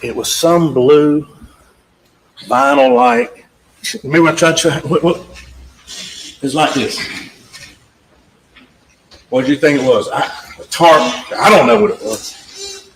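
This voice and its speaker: A man's voice: a little high, wildly swooping pitch, takes it slowly, creaky, long pauses. A man giving a closing argument to a jury, emphatic and repetitive, speaking straight to the jurors in a courtroom. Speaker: trial attorney. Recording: echoey courtroom audio with faint background noise.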